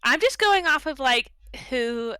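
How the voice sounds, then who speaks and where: A woman's voice: sits high, lively intonation, unhurried, sharp tone, clear, resonant tone, no room sound. A woman chatting in a casual book club, enthusiastic and rambling, laughing easily.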